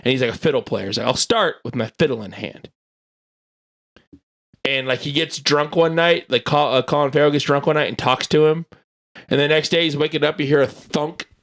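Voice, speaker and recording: A man hosting a podcast, retelling a film plot in a rambling, animated way with lots of filler words. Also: fairly high pitch, fast. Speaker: podcast host. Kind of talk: casual chat.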